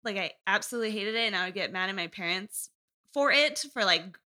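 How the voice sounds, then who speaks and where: A woman's voice: mid-range voice, lively intonation, brisk, pushed and bright. A young woman guest on a casual podcast interview, telling her story candidly in a rambling way and laughing often.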